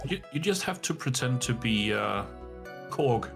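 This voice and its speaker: A man's voice: medium pitch, animated, measured pace, creaky, over music. A man joking dryly while voicing and playing through a story game with a co-player. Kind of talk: casual banter over a game playthrough.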